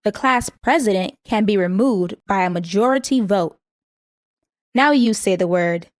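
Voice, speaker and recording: A woman with a mid-range voice reads vocabulary definitions in a calm, measured way. She says each word twice so learners can repeat it. The recording is dry and close, with no room sound. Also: medium pitch, dry recording. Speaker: vocabulary instructor. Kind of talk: scripted vocabulary lesson.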